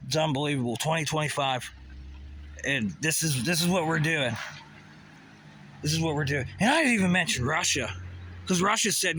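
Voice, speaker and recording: A man's voice: fairly high pitch, animated, normal speed, long pauses, bright, forceful tone, slight background noise. A man ranting to camera in a heated way, swearing often and firing off rhetorical questions. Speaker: vlogger. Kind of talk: profane conspiracy rant to camera.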